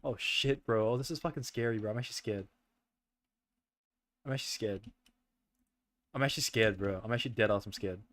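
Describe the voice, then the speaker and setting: A man's voice: fairly low pitch, fairly quick, pauses often, a bit bright, no echo. Jumpy swearing young male streamer. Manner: swearing, jumpy, nervous laughing, says bro a lot. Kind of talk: horror game livestream chat with friends.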